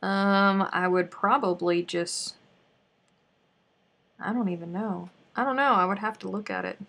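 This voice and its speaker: Slow-talking Southern woman with a gravelly voice. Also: medium pitch, steady tone, a bit bright. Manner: chatty, counts stitches under her breath. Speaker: crochet live stream host. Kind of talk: casual live stream chat while crocheting.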